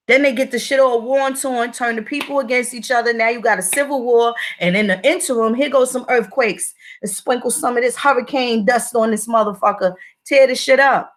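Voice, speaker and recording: A woman's voice: a little high, a bit bright. A woman giving a profane, repetitive livestream commentary, speaking in a confrontational way.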